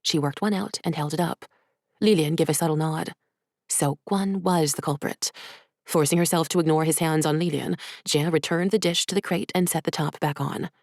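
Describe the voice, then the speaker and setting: A woman, an author, reading her own short story in soft, measured, hushed narration. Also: sits low, steady tone, no room sound, studio quality.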